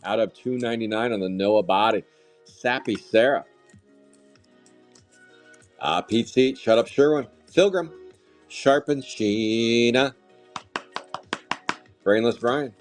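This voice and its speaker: A man hosting a live trading card break, calling out pulls with loud, excitable, jokey hype. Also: medium pitch, takes it slowly, long pauses. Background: faint music.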